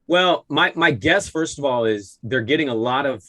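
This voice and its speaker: A man of middle pitch co-hosting a casual sports podcast. He talks in an emphatic, opinionated way. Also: animated, normal speed, pushed and bright. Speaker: podcast co-host and radio host.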